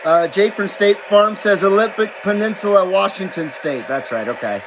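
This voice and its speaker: A man hosting a CB radio livestream, chatting casually and reading out viewer comments in a laid-back, drawn-out way. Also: high-pitched. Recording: steady background noise.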